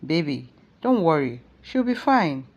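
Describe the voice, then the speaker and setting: A woman's voice: deep voice, very animated, measured pace, darkish tone, dull audio, exaggerated voice. A woman with a Nigerian accent voicing a scheming, cruel young mother who hisses and scolds, then turns falsely sweet, in a storybook tale. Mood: fake sweet. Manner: switches from scolding to syrupy sweet.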